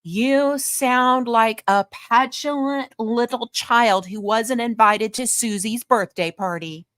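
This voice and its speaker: A woman's voice: a little high, slow, fairly bright tone, no echo, clean studio sound. A woman hosting a commentary show, talking in a sarcastic, mocking, lecturing way about a streamer. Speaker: commentary host.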